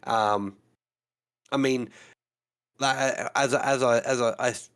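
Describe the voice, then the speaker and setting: Aussie bloke on a livestream, laid back chat, blunt, swears a bit, mid voice. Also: male voice, mid-range voice, fairly even intonation, measured pace, a bit bright, smooth. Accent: Australian. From Australia. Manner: frank, swears casually, trails off while searching. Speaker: co-host of a blacksmithing livestream. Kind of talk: casual chat.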